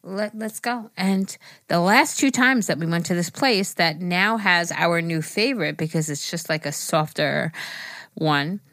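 Middle-aged female podcast co-host, animated storyteller, dry close-miked read. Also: fairly low pitch, measured pace, dry recording. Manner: animated storytelling, acts out quotes. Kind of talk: casual chat.

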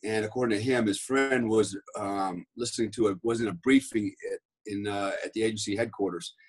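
Husky-voiced man telling war stories. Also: lowish voice, steady tone, a little fast. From United States. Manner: rambling, profane, lots of fillers. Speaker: podcast guest. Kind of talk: casual storytelling.

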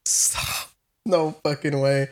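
A man's voice: a little high, fairly even intonation, slow pace. A man co-hosting a podcast, reacting with disbelieving interjections in casual chat. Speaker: podcast co-host.

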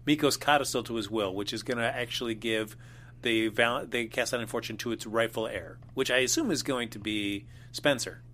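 A man's voice: medium pitch, fairly quick, bright, forceful tone, slight background noise. A man co-hosting a casual chat about a soap opera, thoughtful and a bit hesitant. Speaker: soap opera podcast co-host.

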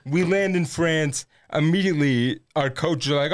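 Young man, comedic guest storyteller, higher-pitched, laughs a lot. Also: normal speed. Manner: laughs through his story, crude slang. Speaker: podcast guest, former Paralympic athlete.

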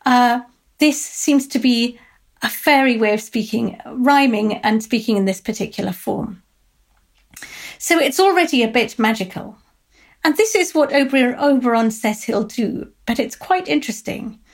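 A woman professor giving a thoughtful close-reading, pausing with frequent ums and uhs and quoting lines aloud. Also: fairly high pitch, lively intonation. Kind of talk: lecture close-reading of a text.

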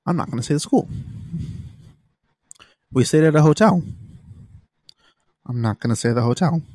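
A man's voice: a little high, animated, moderate pace, a little mellow, no room sound. Young man venting on a podcast. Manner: exasperated storytelling, swears freely. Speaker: podcast host. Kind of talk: casual solo podcast rant. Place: room at home.

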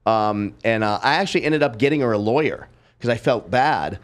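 A middle-aged man hosting a podcast, telling a long story in a lively, casual way and acting out the people in it. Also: medium pitch, brisk. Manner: lively storyteller, acts out quotes, swears freely. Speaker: podcast host.

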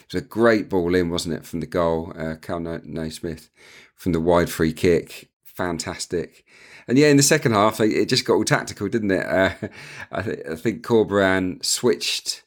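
A man discusses matches as a pundit. He talks haltingly, often doubling his words as he works out his point. His voice is very deep. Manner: halting, repeats words as he thinks. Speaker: football pundit. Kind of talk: casual studio punditry.

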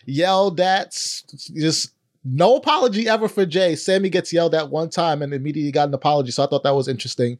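A man co-hosting a podcast in a casual, animated chat, laughing between his points. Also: fairly high pitch, fast talker. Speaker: podcast co-host.

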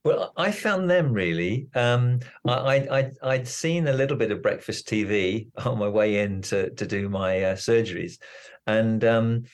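An older man, a doctor, chatting as an interview guest, telling stories in a plain-spoken way with halting restarts. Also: lowish voice. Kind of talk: casual interview chat.

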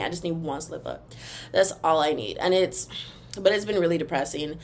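Expressive young woman, casual podcast rant. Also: lowish voice, quick pace. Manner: animated and expressive, sings snippets, talks to listeners as "girl" and "y'all". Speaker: podcast host. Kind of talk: casual ranting monologue.

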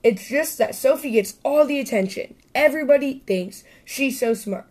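A woman's voice: sits high, lively intonation, normal speed, darkish tone, pitched above the performer's own voice. A woman doing a sulky young boy squirrel. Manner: mumbling, unsure.

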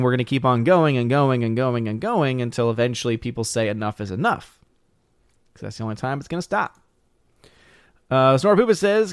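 A man's voice: medium pitch, dry recording. Man, livestream host, casual rambling chat, reads comments aloud, dry close sound.

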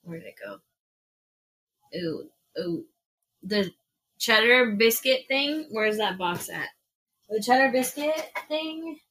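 Podcast co-host, woman, relaxed and profane, edgy bright voice with some rasp. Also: on the high side, slow, long pauses. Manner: casual, swears, reads prices aloud while browsing. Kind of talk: casual chat while taste-testing food. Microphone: podcast mic in a shared room.

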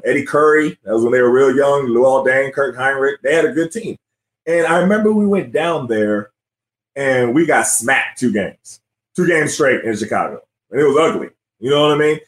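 A man's voice: mid-range voice, normal speed. A man in his forties hosting a casual sports interview. He tells old stories with a lot of energy and keeps asking "you know what I mean?". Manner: animated storytelling, often says "you know what I mean". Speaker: podcast host, former NBA player. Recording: roomy echo.

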